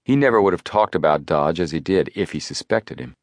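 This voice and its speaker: A man reading the part of a steady, level-headed teenage boy detective in a storybook. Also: sits low, fairly quick, dry recording. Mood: reasoning.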